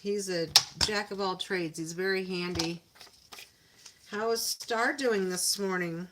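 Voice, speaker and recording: Slow, chatty woman live-streaming crafts. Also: mid-range voice, background noise. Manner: chatty, narrates her crafting and greets viewers. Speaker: livestream host. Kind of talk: casual livestream chat while crafting.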